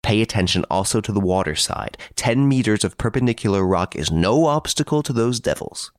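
A man voicing a gruff, impatient middle-aged detective who speaks curtly and gives orders in an audiobook. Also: fairly low pitch, lively intonation, brisk, no room sound, studio quality. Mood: commanding. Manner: curt, brusque, commanding. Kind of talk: audiobook character voice.

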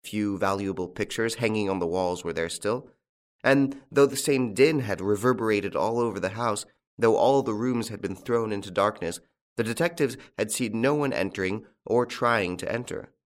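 A man narrating a classic detective story in an audiobook, in a measured, unhurried storytelling manner. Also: fairly low pitch. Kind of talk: scripted narration.

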